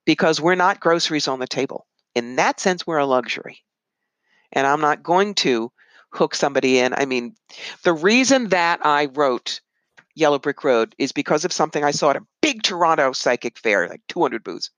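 A woman psychic medium and author, a guest in an interview, telling animated stories and putting on voices when she quotes people. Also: deep voice, normal speed, no echo, rough recording. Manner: animated, puts on voices when quoting others. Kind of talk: conversational interview storytelling.

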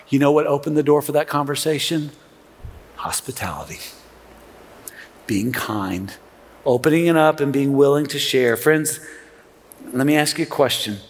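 A middle-aged man, a pastor, preaching a sermon in a conversational, animated way with sarcastic asides and frequent restarts. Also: mid-range voice. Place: large church sanctuary. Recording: long reverb of a large church hall.

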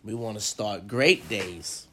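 A man's voice: on the low side, takes it slowly, a bit bright, a little hiss or hum. A man giving a casual, profane pep talk to listeners, swearing freely and acting out grumbling inner voices. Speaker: motivational talker.

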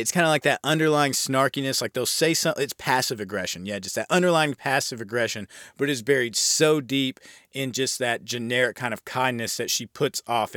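A man's voice: medium pitch, fairly bright tone, no room sound, studio quality. Laid-back American man reviewing a film. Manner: rambling, laid-back, swears freely. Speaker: horror film podcast host.

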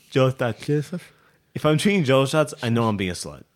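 A man's voice: mid-range voice, animated, normal speed. A man co-hosting a casual podcast, arguing his point jokingly and swearing. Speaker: podcast co-host.

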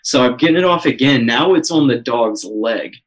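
Young man, casual storyteller, sweary, mid-pitched, talks in bursts with lots of fillers. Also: normal speed, husky, low-quality recording. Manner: excited, swears a lot, many fillers. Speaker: guest telling a story.

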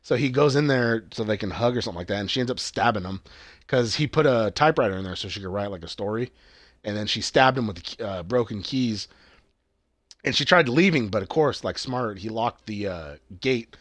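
A man in casual chat, retelling a TV episode in a rambling, profane way and jumping up in pitch to quote the characters. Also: expressive, a little fast, a bit bright, no echo.

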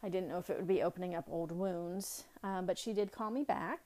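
A woman's voice: on the low side, brisk, mellow. A middle-aged woman earnestly telling a personal family story, reflective, with many fillers and restarts.

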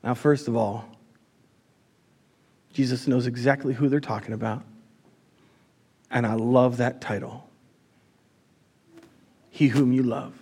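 A man's voice: medium pitch, fairly even intonation, unhurried, pauses often, a little mellow, slightly rough. A man preaching a live sermon as pastor in a church, casual and chatty, with many fillers.

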